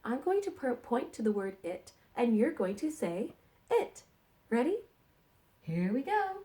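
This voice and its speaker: A woman teaching sight words to young kindergarten children in a slow, encouraging sing-song way. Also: a little high, sing-song, warm tone.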